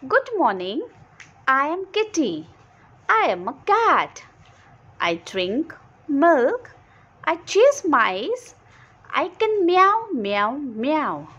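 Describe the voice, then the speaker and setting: Friendly storybook kitty, lady reading it, bouncy high voice. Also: big pitch swings, extremely slow, pauses often, a bit bright, highs cut off, heavily acted. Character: friendly little cat.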